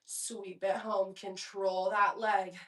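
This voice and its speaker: A young woman leads a mat pilates session in a mid-range, slightly bright voice, speaking slowly with a flat delivery. She counts down reps and throws in encouragement while clearly out of breath. She is a pilates instructor, and she sounds a bit far from the mic, with the room adding noticeable echo.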